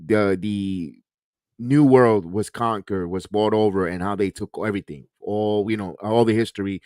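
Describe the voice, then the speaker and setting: A man with a low voice shares his take in a casual review chat. He rambles and repeats words while he thinks. The sound is dry and close, with no room echo. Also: normal speed, darkish tone. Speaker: co-host.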